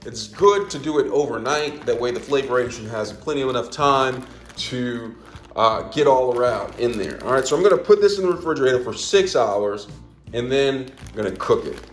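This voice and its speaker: A man's voice: medium pitch, moderate pace, faint music behind. A man giving a casual cooking demonstration at home, folksy and full of repeated catchphrases, dropping his voice on little asides. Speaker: home cook.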